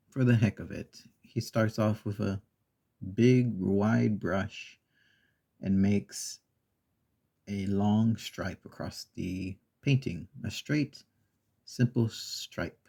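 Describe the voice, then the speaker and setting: Slow, gravelly soft-spoken man. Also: on the low side. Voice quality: gravelly, breathy. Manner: slow, meandering retelling with pauses and fillers. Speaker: ASMR channel host. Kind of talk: soft-spoken ASMR storytelling.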